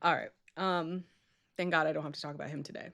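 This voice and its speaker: Chatty woman co-hosting, quick to laugh. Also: sits low, steady tone, fairly bright tone. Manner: chatty, laughs often, mock-stern with co-host. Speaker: co-host of a wrestling live stream. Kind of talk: casual chat.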